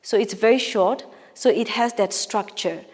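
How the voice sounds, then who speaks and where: A woman teacher gives a recorded English lesson, talking slowly and deliberately. She explains patiently, step by step, with fillers and quick self-corrections. Her voice rings with a long reverb, as if recorded in a large hall. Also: on the high side, darkish tone.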